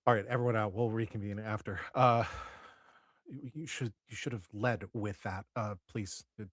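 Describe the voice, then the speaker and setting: A rude, snappish TV writer barks short orders, as a game master voices him. The voice sits fairly low and dry, close to the mic. It is a tabletop role-play scene. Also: male voice, unhurried, fairly bright tone, breathy edge, no echo. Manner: curt, snapping. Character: irritable male TV writer, curt and rude.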